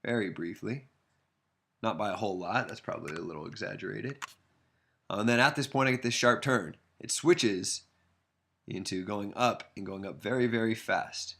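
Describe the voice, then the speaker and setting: A man's voice: lowish voice, moderate pace. A man giving a casual math lesson, thinking aloud and making fun of his own drawing as he sketches a graph. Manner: relaxed, self-deprecating, thinks aloud while sketching. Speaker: math instructor.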